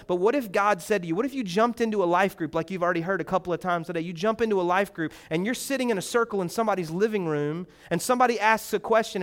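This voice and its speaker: A man with a fairly high voice preaches in a church sanctuary before a congregation. He speaks as a guest pastor and keeps the sermon conversational and joking.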